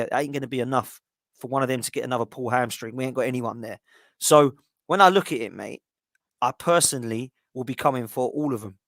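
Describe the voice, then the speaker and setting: Man, podcast host, rapid exasperated rant, dry close mic. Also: medium pitch, a bit bright, no room sound. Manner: fast, exasperated ranting. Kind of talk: heated casual podcast chat.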